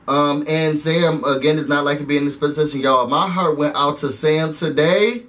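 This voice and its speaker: A man giving a chatty, animated recap and rant to his viewers, calling them "y'all" as he talks. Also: on the high side, normal speed, hardly any pauses, far from the mic. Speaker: reality TV recap vlogger. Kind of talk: casual recap rant to camera.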